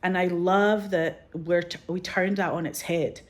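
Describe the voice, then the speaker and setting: A woman in her forties talks in an animated, candid way as a filmmaker in a casual interview. Her voice sits a little low. She swears freely, strings thoughts together with "like", and slips into quoted voices as she tells her stories. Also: unhurried. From Scotland. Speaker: filmmaker guest.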